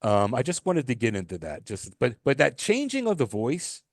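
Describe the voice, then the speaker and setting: This male podcast co-host speaks in a mid-range voice with huge pitch swings at a moderate pace, ranting emphatically and restarting many times in casual conversation. The studio sound is clean, with no room sound.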